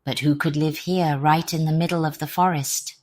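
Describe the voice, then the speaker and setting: A woman's voice: low-pitched, steady tone, moderate pace, natural voice. A woman voicing an anxious male dog in a storybook, barking his questions insistently. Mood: wary.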